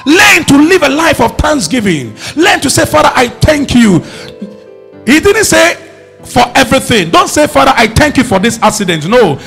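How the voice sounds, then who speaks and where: A man preaching a sermon, emphatic and rising to shouts as he calls on the congregation to respond. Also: very high-pitched, sing-song, normal speed, creaky, faint music behind.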